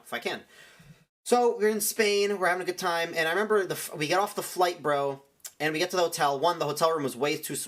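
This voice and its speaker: Young man, streamer, casual storytelling, rambling, rapid, slightly high voice. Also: a bit bright. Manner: rambling, lots of "like" and restarts.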